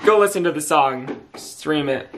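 A man's voice: on the high side, a little slow, a bit bright, a little hiss or hum. A young man vlogging in casual chat, crying and laughing through tears, repeating exclamations.

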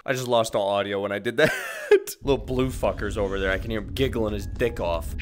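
A young man yells, laughs and swears through a horror game, his pitch leaping from low mutters to sudden high shrieks. His commentary is loud, jumpy and comedic. Faint game music plays behind him. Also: very animated, fairly quick. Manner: profane, jumpy, yelps and laughs often. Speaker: gaming YouTuber.

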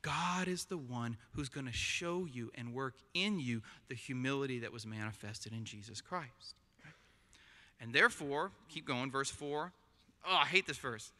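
A man's voice: medium pitch, lively intonation, measured pace, pauses often, sharp tone. A man preaching a sermon in a conversational, joking way, often checking in with his listeners by asking "right?". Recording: long hall reverb.

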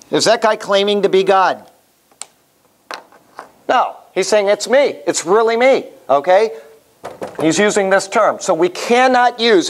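Talkative male Bible study teacher. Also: high voice. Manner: conversational, quizzes the class. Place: room with a small class.

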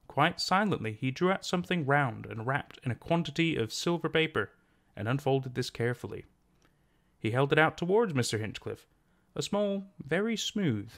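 A man narrating a classic short story in a measured storytelling manner. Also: medium pitch, fairly bright tone. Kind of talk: scripted narration.

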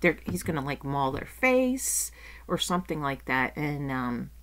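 In a low-pitched voice that runs a little slow, a middle-aged woman tells a story as a vlogger. It comes out as a casual, animated rant full of swearing, with her acting out what people said.

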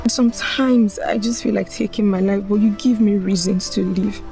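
An actress playing a cheerful young student with a Nigerian accent, excitable and grateful. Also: female voice, medium pitch, moderate pace, vocal fry, faint music behind, close to an everyday voice. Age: young adult.

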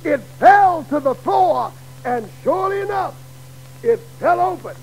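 A middle-aged man preaching a sermon in a dramatic way that builds to shouts, on an old radio broadcast. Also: very high-pitched, expressive, unhurried, vocal fry, rough recording.

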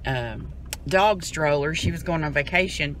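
A woman's voice: sits low, normal speed, fairly bright tone, slight background noise, rough recording. A middle-aged woman, chatting and rambling to her viewers in a casual home vlog. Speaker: vlogger. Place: at home indoors.

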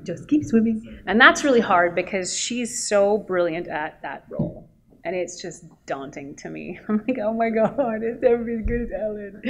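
A woman voice actress on a convention panel, telling animated stories and acting out quotes with a laugh. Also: lowish voice, a little hiss or hum. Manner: lively, acts out quotes and laughs often. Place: convention hall.

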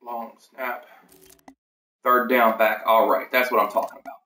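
A man's voice: mid-range voice, flat delivery, a little slow, long pauses, pushed and bright, distant mic. A man hosting a casual livestream, rambling through team lineups with many fillers and self-corrections. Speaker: league host reviewing team depth charts. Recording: echoey room, voice off the mic.

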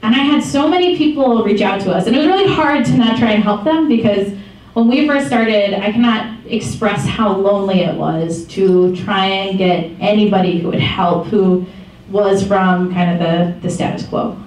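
A young woman from Michigan giving a casual, animated talk to a room, telling stories with many ums and likes. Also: mid-range voice, moderate pace. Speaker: activist speaker. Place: meeting room. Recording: echoey room from far off.

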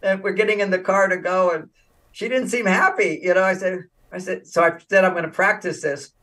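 Older man, high voice, a bit off-mic. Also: fairly quick, far from the mic. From United States. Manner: animated, acts out quoted dialogue, laughs often. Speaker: relationship author, interview guest. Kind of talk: casual interview talk with storytelling.

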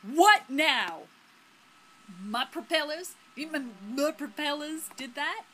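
Woman doing a gruff old fisherman, blunt, folksy sailor talk, lively pitch. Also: takes it slowly, full character voice.

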